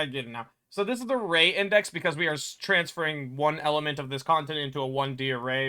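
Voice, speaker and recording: A man walks through his game code out loud, pausing, muttering and correcting himself as he goes. His voice sits a little high and sounds bright and forward. He is recorded indoors at his computer. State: hiccuping. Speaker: game developer. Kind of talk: thinking aloud while working.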